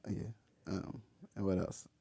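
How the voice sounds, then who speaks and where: A man's voice: unhurried, dark tone, no echo. A middle-aged man hosting a podcast, chatting with his son in an encouraging, teasing way. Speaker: podcast host. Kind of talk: casual father-son chat.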